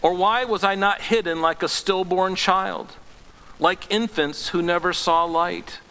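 Earnest pastor preaching in a reverberant hall. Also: male voice, unhurried, clean tone. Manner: earnest, rises to impassioned pleading then drops low and gentle. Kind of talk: sermon.

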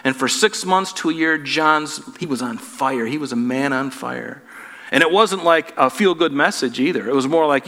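A man preaching with a bright, forceful voice that rings out in a hall with a long reverb tail. He speaks as a pastor in an earnest, preacherly way, stacking up rhetorical questions. His pitch sits a little above the usual for a man. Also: normal speed. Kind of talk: sermon.

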